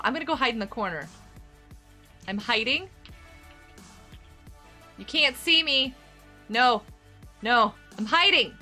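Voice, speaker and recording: A woman's voice: on the high side, bright, forceful tone. A woman streaming a game live, chatting with her viewers in a bubbly, giggly way. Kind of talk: casual live-stream chatter while gaming.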